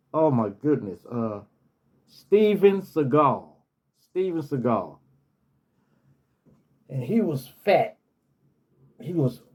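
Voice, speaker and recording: A man's voice: medium pitch, darkish tone. A man casually telling personal stories from his hotel job, repeating key phrases for emphasis. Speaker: storyteller, former hotel manager.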